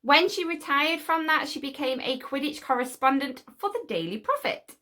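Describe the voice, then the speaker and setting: A woman with a high, bright voice hosting a casual fan vlog. She chats along informally and breaks off now and then into excited asides. Her tone stays light and sharp throughout. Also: moderate pace. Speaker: fan channel host.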